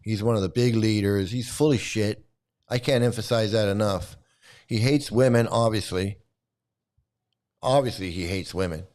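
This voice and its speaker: A man's voice: on the low side, normal speed, pauses often, a little mellow. A man hosting a commentary channel, giving an angry, profane and mocking rant. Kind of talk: ranting commentary.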